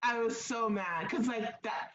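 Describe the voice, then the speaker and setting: A woman's voice: a little high, unhurried, a bit bright, slight background noise. Woman co-host, blunt and emphatic, roomy and slightly dull audio. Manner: emphatic, blunt, laughs readily. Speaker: podcast co-host. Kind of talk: casual movie review chat.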